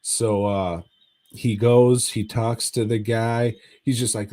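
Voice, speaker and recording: A man's voice: medium pitch, little pitch movement, slow, dark tone. A man co-hosting a podcast, recapping a movie in casual chat as a profane, rambling storyteller. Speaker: podcast co-host.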